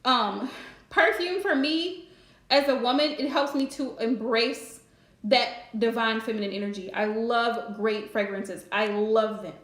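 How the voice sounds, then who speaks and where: A woman's voice: fairly high pitch, a little slow, fairly bright tone, roomy sound. A woman hosting a live stream and giving relationship advice in a chatty, direct way, laughing often. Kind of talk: casual live-stream chat.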